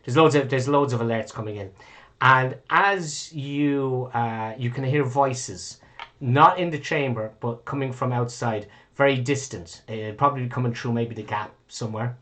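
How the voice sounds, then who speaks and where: A man's voice: medium pitch, moderate pace, fairly bright tone. A man running a tabletop game as game master, rambling and correcting himself with casual swearing.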